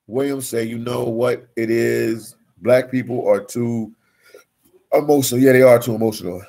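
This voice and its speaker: A man's voice: medium pitch, moderate pace, gravelly, rough recording. A man vlogging from the Dominican Republic, reading out viewer comments in casual slangy chat and reacting with energy. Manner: reads viewer comments aloud, slangy and animated. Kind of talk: casual live-stream chat.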